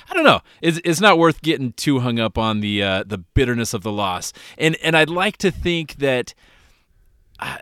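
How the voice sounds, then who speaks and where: Laid-back middle-aged man, smooth voice. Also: lowish voice, fairly bright tone, no echo, clean studio sound. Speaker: sports podcast co-host. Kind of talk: casual chat.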